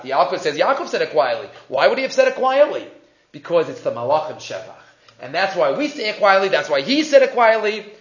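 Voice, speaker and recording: Animated man teaching a Torah class. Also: sits high. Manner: mixes Hebrew and Aramaic quotes into English explanation; animated, rhetorical questions. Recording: echoey muffled room recording.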